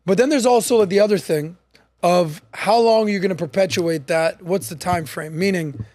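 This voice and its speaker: High-voiced animated man hosting a podcast. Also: normal speed, no echo. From United States. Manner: animated storytelling, acts out quoted voices, swears casually. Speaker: podcast host. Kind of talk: casual podcast chat.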